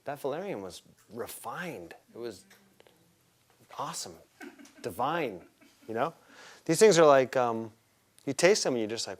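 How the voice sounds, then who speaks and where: Male herbalism teacher, mid-pitched, casual and enthusiastic, quizzing a live class. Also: big pitch swings, measured pace, long pauses. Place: classroom with students.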